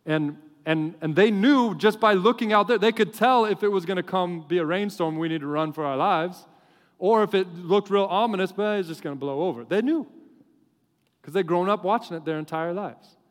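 Male preacher, high voice, animated joking storyteller, long hall reverb. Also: moderate pace. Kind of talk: sermon.

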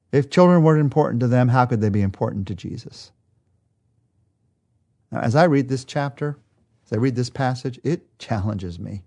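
A man's voice: mid-range voice, a little mellow. A man teaching a daily Bible study, retelling the passage in an earnest, vivid storytelling way with small restarts.

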